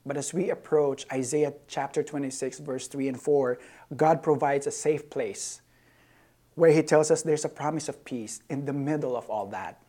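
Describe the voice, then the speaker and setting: Preacher, sermon, mellow warm tone, emphatic, measured phrasing, repeats phrases. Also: medium pitch.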